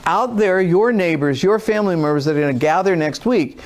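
High-voiced man teaching a Bible lesson. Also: fairly quick. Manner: informal, emphatic, repeats for stress; acts out a whiny skeptic voice at times.

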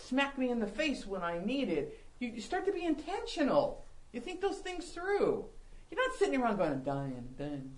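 An older woman giving a Bible teaching talk to women, telling animated, self-mocking stories. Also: medium pitch, poor audio.

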